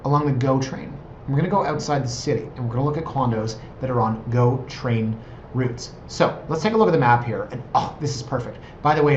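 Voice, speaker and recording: In an echoey room captured with lo-fi sound and slight background noise, a mid-range male voice rambles through a vlog. He's a Canadian real estate agent in his thirties, speaking from his office in a chatty, digressive, self-deprecating way.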